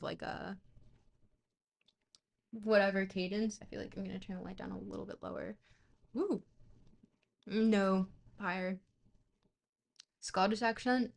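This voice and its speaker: Young woman, streamer, reading aloud, casual chat, stumbles and self-corrects, mid-pitched voice. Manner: chatty asides to chat between passages.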